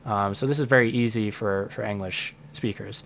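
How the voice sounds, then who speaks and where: A man's voice: fairly low pitch, steady tone, moderate pace, fairly bright tone. A man teaching in a casual, explanatory way, thinking aloud and repeating words as he restarts his sentences. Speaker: language learning teacher.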